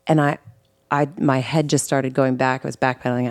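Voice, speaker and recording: Low-voiced woman telling her own story. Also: level tone, dry recording, clean studio sound. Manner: earnest and emotional, with quick self-corrections and restarts. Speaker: guest host telling her life story. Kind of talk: candid personal storytelling on a podcast.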